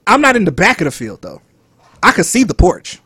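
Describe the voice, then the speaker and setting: A young man, joking loudly and then dropping low as a podcast co-host. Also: brisk, breathy edge, no room sound. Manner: animated, joking, swings loud and soft. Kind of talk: casual podcast chat.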